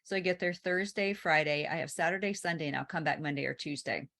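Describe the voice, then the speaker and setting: A woman's voice: low voice, quick pace, vocal fry, fairly bright tone. A woman hosting a podcast, chatting casually and encouragingly with her guest. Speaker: podcast host. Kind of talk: casual interview chat.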